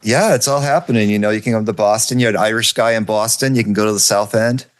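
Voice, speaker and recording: A man's voice: lowish voice, fast. A man hosting a podcast, chatting easily and laughing often with his guest, then wrapping up the episode. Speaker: podcast host. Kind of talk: casual chat.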